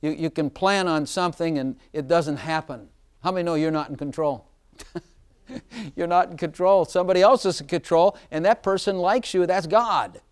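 A man preaching an informal sermon, chatty and often laughing, slowing down to stress scripture lines. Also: a little high, clear, resonant tone.

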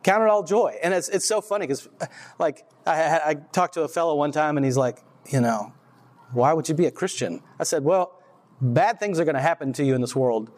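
A man's voice: a little high, brisk, darkish tone. A man giving an informal, rambling faith testimony to a group, often restarting his sentences and laughing at himself. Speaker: church speaker.

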